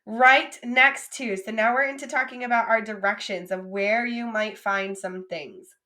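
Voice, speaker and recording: Slow, patient woman teaching French words. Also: a little high, fairly even intonation, sharp tone. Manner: slow, clear modeling of each word, repeating it twice. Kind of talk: vocabulary lesson with repeat-after-me drills.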